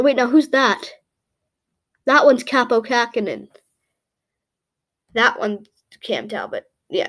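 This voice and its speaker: A woman in casual commentary, thinking aloud as she ranks hockey goalies, with frequent fillers and self-corrections. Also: mid-range voice. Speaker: YouTube creator ranking hockey goalies. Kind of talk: casual commentary while building a tier list.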